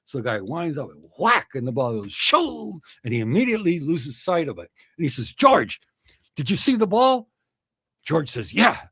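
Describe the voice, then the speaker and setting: Middle-aged male streamer, lively pitch, slightly husky, dry close sound. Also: normal speed, hardly any pauses, no echo. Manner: chuckling, acts out joke voices with big pitch swings. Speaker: livestream host. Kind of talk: casual chat, reading viewer comments and telling jokes.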